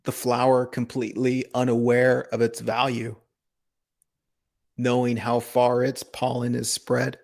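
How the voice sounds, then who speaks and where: A man giving a calm, reflective spiritual talk on a live broadcast, asking gentle rhetorical questions. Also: mid-range voice, a little slow, creaky. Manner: calm, contemplative, asks rhetorical questions, laughs softly.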